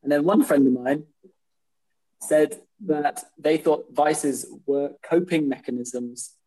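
A man's voice: a little high, slow pace, dark tone, low-quality recording. A man in casual podcast chat, rambling and hesitant, filling with "like" and "I mean". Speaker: podcast co-host.

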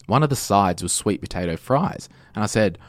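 A man's voice: lowish voice, lively intonation, moderate pace, no room sound, clean studio sound. A man, co-hosting a podcast and telling a rambling story in casual chat, laughing often. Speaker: podcast co-host.

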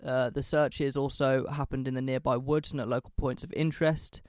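A man's voice: medium pitch, flat delivery, a little fast, darkish tone, dry recording, studio quality. A man co-hosting a podcast, recounting history in casual chat and swearing freely. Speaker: podcast co-host.

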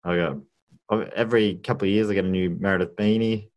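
This man hosts a podcast and chats casually, his deep, darkish voice steady even at a quick pace. His talk wanders, full of wry asides, and he keeps interrupting himself.

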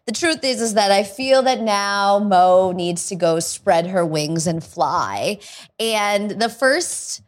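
A woman's voice: medium pitch, takes it slowly. A woman co-hosting a podcast, telling stories in a casual chat and laughing often. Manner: laughs often, animated storytelling. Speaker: podcast co-host.

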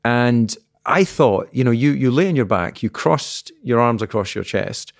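Scottish man, gravelly low voice, dry close mic, teasing podcast co-host. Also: lively intonation, measured pace, no echo. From Scotland. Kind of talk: casual chat.

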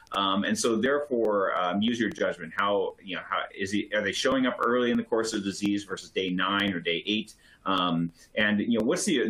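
A man, a physician, giving a medical education talk with many pauses and restarts. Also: lowish voice, a bit bright, poor audio. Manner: hesitant, many fillers and restarts. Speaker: physician presenter.

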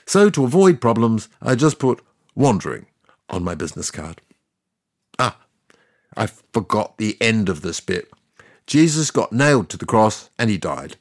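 God tells his side of the story as a sardonic, offhand narrator. His delivery is animated, with wide swings in pitch. The recording is dry and close to the mic. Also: unhurried, long pauses, dry recording, heavily acted. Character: God as a sardonic, boastful narrator, ageless man. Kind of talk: scripted comedic narration.

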